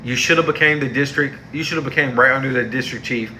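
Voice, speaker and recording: A man's voice: mid-range voice, quick pace, pushed and bright, slight background noise. A young man giving a casual, heated review of a TV show, slangy and exasperated, repeating himself for emphasis.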